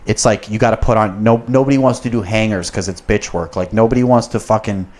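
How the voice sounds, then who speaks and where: A man's voice: lowish voice, quick pace, a little mellow. Profane, rambling young man telling stories. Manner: profane and rambling, gets worked up. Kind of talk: casual storytelling.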